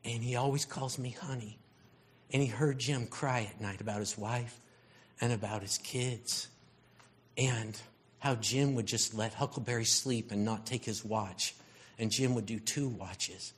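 Husky and fairly low, this preacher's voice moves at an unhurried pace. His sermon is chatty and meandering, built around stories and packed with fillers.

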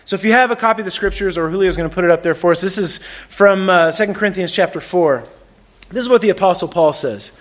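A man preaching a sermon, telling a lively story and acting out the people in it. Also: high-pitched, fast talker. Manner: animated storyteller, acts out quotes. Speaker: pastor.

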